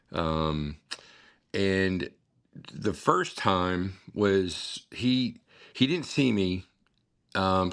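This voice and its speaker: Gravelly-voiced middle-aged man telling a story. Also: deep voice, a bit bright. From United States. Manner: rambling, acts out past dialogue, many fillers. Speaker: guest, father and scuba therapy founder. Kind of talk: storytelling interview answer.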